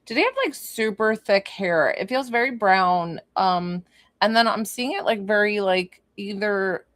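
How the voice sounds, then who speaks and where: A woman gives a one-on-one spirit reading as a psychic medium. She talks in a loose, chatty way and thinks aloud, filling her pauses with lots of ums and likes. Her voice sits at a middle pitch and is recorded dry, with no room sound. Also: a bit bright, no room sound. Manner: chatty and informal, thinking aloud with many fillers; bursts into laughter.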